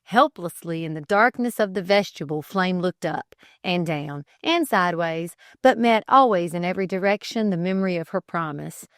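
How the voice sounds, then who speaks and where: A woman narrating an old-fashioned story as an audiobook, in an expressive, theatrical manner. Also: lowish voice, moderate pace, hardly any pauses, no room sound, studio quality.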